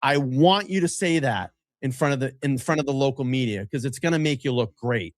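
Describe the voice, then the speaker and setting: Animated heckling man on a podcast. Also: mid-range voice, brisk, no echo. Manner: animated, heckling, swears freely. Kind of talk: casual podcast chat.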